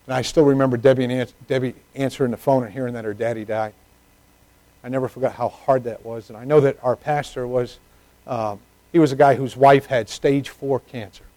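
A middle-aged man preaching a sermon, moving from hushed personal stories to loud, emphatic preaching. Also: mid-range voice, no echo, low-quality recording.

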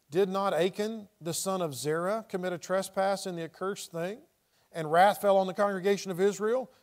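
A man with a notably high voice teaches through a Bible passage verse by verse. He reads the old scripture aloud. Then he restates it in casual, conversational words. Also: darkish tone. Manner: reads scripture aloud and paraphrases it in everyday speech. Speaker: preacher.

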